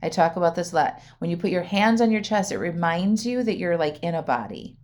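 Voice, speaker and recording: A chatty woman coach hosting her own podcast, with a slightly low voice. She talks straight to her listeners in a relaxed, conversational way, tagging many sentences with "right?" or "okay?" and laughing easily. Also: brisk. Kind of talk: casual solo podcast talk.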